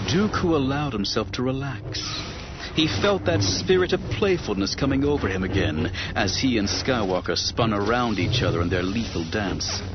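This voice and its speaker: Male narrator, lively dramatic read, dull sound with music under it. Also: medium pitch. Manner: dramatic, expressive. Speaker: audiobook narrator.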